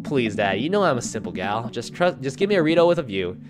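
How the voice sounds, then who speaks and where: A man puts on a bubbly, eager teenage girl's voice, lifted a little higher than his own and full of lively swoops. She gushes quickly when excited, with game music playing underneath. This is a playful read of a video game's daughter. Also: close to an everyday voice. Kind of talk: reading game dialogue aloud.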